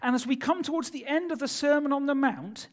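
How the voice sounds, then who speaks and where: With a very high voice and a fairly quick delivery, this man preaches animatedly in a church, throwing rhetorical questions at his listeners, all under long hall reverb.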